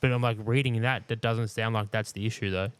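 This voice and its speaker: A man's voice: lowish voice, fairly even intonation, fairly quick, clean tone. A man co-hosting a casual podcast, ranting about old workplace frustrations with lots of swearing and acted-out quotes. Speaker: podcast co-host. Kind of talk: casual chat.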